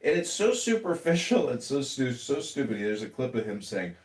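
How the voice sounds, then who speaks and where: Rambling profane man with lively pitch. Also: moderate pace. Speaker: podcast host and congressional candidate. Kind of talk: casual chat. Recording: echoey room, distant mic.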